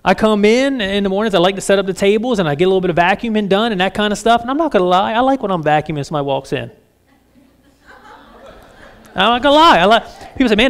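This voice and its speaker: Middle-aged male pastor, conversational sermon, frank and self-mocking, slightly raised pitch. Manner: candid, self-deprecating, lively asides.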